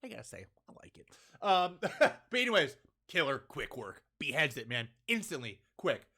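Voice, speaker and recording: Animated bright-voiced male reviewer. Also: fairly high pitch, moderate pace. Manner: excitable, keeps asking "right?" and saying "man". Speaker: host reviewing manga chapters. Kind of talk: casual solo chapter review.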